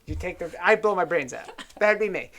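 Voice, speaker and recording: A man hosts a loose political chat after a few whiskeys. He rambles through profane, animated stories and worked-up rants. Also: high-pitched, fairly quick. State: tipsy on whiskey. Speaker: show host.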